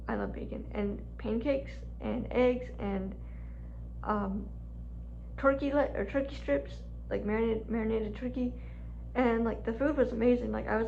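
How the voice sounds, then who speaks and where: Brief: woman vlogger, rambling casual chat full of "like", higher voice, dull lo-fi sound with faint hum. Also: creaky, dark tone. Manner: chatty, heavy use of "like", laughs often. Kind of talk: casual storytelling vlog. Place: home room with furnace running.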